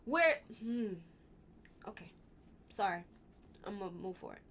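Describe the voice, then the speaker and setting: Animated young woman ranting on a stream. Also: medium pitch, unhurried, a little hiss or hum. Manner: gets worked up, repeats questions, fussing then apologizing. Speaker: live stream host. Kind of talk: casual political commentary.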